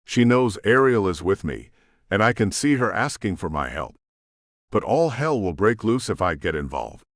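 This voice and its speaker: A man narrating a romance audiobook in an expressive first-person storytelling style. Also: fairly low pitch, moderate pace, dry recording, studio quality. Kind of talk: scripted narration.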